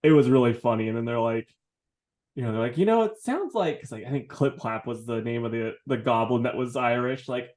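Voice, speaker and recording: A man's voice: medium pitch, a little fast. Laughing man telling a casual story. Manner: animated storyteller, laughs a lot, swears casually. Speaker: podcast co-host. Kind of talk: casual chat.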